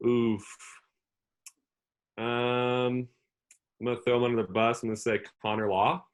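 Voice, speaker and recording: A man in his twenties, a pitcher, answering interview questions in a loose, rambling way full of "like". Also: flat delivery, unhurried, clean tone. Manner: rambling, heavy use of "like" as filler. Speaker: relief pitcher, interview guest. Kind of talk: casual interview talk.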